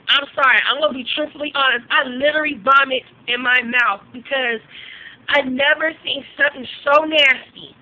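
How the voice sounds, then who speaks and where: A woman's voice: sits high, sharp tone, poor audio. A young woman giving blunt, profane gossip reviews as a vlog host, talking casually and getting outraged.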